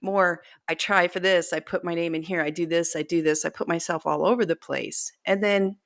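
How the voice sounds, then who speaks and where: A woman's voice: fairly low pitch, steady tone, moderate pace, no room sound, clean studio sound. A middle-aged woman author telling stories in a casual interview, chatty and self-deprecating, laughing often. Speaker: author guest.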